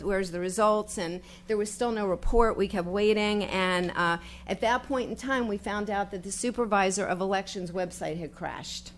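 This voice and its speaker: An older woman giving a heartfelt, halting acceptance speech at a podium before an audience, thanking family and volunteers. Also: medium pitch. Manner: heartfelt, halting, grateful, with fillers and restarts. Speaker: newly elected official giving acceptance speech. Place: public meeting hall with audience.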